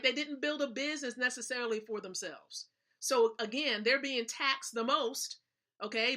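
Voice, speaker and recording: The livestream host has a high, sharp voice. She delivers a motivational business talk with emphasis, going over her points repeatedly and checking in with her listeners.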